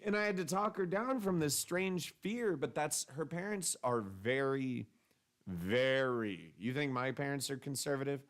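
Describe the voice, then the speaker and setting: A young man co-hosting a casual podcast, telling stories animatedly and jumping into quoted voices. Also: unhurried. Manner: animated storyteller, jumps into high-pitched quoted voices. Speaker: podcast co-host.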